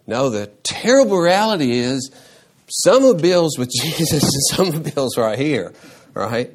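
Animated male preacher with sudden high bursts. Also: measured pace, noisy background. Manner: repeats words and restarts phrases. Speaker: pastor. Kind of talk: sermon.

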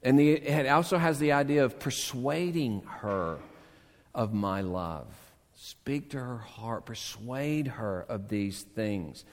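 A man preaching a sermon as pastor, animated, swinging between emphatic calls and hushed tender passages. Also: medium pitch, takes it slowly, in a large hall. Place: church sanctuary.

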